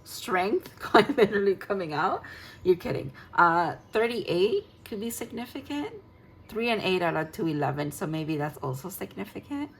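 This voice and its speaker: A woman's voice: mid-range voice, a little hiss or hum, low-quality recording. A woman tarot reader talking through a casual spoken card reading, dreamy and gushing, rambling with fillers.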